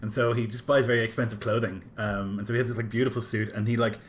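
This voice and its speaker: Man, casual tabletop player, low voice, rambling, faint hiss. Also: flat delivery, fast talker. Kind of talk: tabletop role-play narration.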